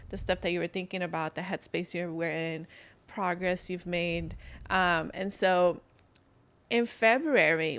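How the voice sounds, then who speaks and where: A woman's voice: fairly low pitch, fairly bright tone. A woman co-hosting a casual podcast, upbeat and steering the talk to the next topic. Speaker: podcast co-host. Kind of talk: casual chat.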